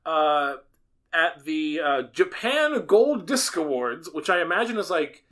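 Bright, excitable man reviewing a movie. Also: on the high side, measured pace, a little hiss or hum. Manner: jokey, excitable, rambling. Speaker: podcast co-host. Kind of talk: casual movie review chat.

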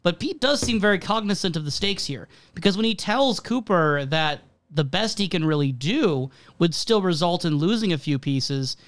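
A man's voice: high voice, lively intonation, moderate pace, few pauses, a bit bright. A man co-hosting a casual chat, analytical and wry, with a self-deprecating streak. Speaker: podcast co-host.

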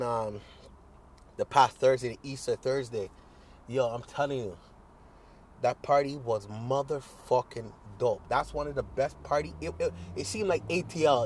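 A man's voice: medium pitch, darkish tone, slight background noise. A young man talks straight into his own podcast with no script. He rambles, swears freely and restarts his sentences, filling the gaps with "you know what I'm saying". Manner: rambling, profane, full of fillers and restarts. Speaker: podcast host. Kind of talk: casual solo podcast monologue.

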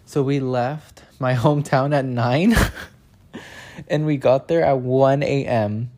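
A young man chatting casually in a vlog, telling a story with lots of filler words and acting out quotes in a higher voice. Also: slow, darkish tone. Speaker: vlogger.

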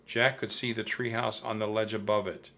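A man reading a children's book aloud, expressive and speaking straight to young listeners. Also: lowish voice, normal speed. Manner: expressive, addresses kids directly. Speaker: storyteller.

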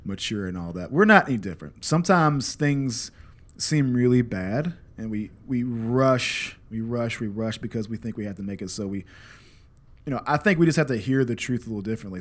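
A man's voice: medium pitch, a little fast. A man in his thirties, a father and podcast host, telling a casual story in a candid, swearing, self-deprecating way that turns reflective.

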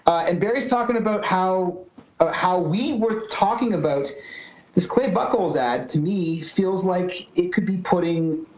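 A man's voice: high-pitched, unhurried, a little mellow, reverberant, muffled recording. A Canadian man, a guest on a sports podcast, talking bluntly and jokingly in a casual chat.

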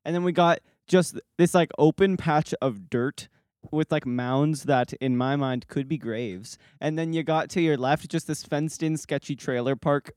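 A man's voice: on the high side, normal speed, darkish tone, dry recording. A young man co-hosting a podcast in casual chat, describing a scene and tossing in dry wisecracks. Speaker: podcast co-host.

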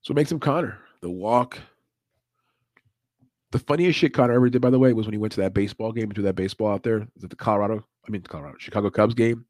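Casual male podcast host, a bit low-pitched, swears freely, laughs a lot, dry close sound. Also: quick pace, a little mellow, no room sound. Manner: loose, profane, laughs often. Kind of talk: casual livestream chat.

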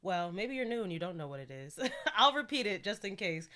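A woman's voice: medium pitch, fairly quick. Chatty young woman podcast host. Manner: chatty, laughs often, candid and animated. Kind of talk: casual solo podcast chat.

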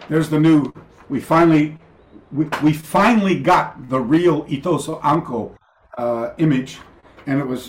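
Animated, rambling older man. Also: a little high, echoey room, slight background noise. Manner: animated, rambling, many fillers and restarts. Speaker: guest, karate master. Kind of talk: casual storytelling interview.

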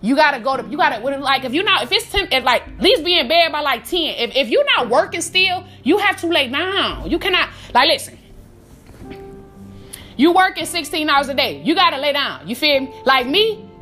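A woman hosting a podcast, giving casual, profane, animated motivational advice with frequent laughs, calling the listener baby. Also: high voice, normal speed, faint music behind. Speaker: podcast host.

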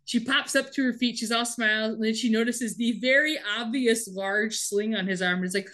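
A woman's voice: on the high side, fairly quick, a bit bright. A woman co-hosting a casual chat, retelling a TV episode in a chatty way and acting out the lines. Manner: chatty storytelling, acts out quotes with laughs. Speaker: podcast co-host recapping a TV episode.

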